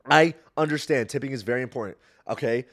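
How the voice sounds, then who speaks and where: A man's voice: medium pitch, fast talker. Young man ranting on a podcast. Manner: profane, rambling, ranting, swings from mumbling to loud outbursts. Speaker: podcast host. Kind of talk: casual solo podcast rant.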